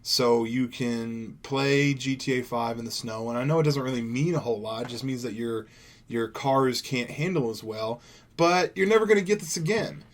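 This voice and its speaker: A man's voice: mid-range voice, normal speed. A young man from Seattle giving casual gameplay commentary as a gaming YouTuber, rambling and laid-back, swearing now and then. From Seattle, USA.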